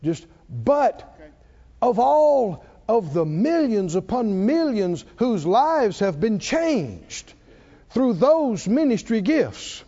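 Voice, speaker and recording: An older man preaching with a high voice that swoops up and down. His tone is mellow and warm. He tells stories, laughs often and calls out for the congregation to respond, all on a dull, lo-fi church recording. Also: very animated, slow pace. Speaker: pastor. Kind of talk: sermon.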